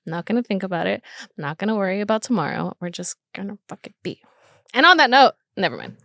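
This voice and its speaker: Expressive, laughing woman podcast host. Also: medium pitch, fast talker, gravelly, no room sound, studio quality. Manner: expressive, swears freely, laughs often. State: drinking whiskey. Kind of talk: casual chat.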